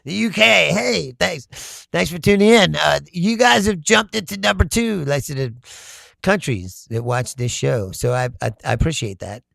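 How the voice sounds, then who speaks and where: A livestream host, a man, talks casually with his viewers and reads their comments aloud. He laughs often and swears freely. His voice is high and very gravelly, and it sounds dry and close, with no room around it. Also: lively intonation, moderate pace, fairly bright tone, no echo.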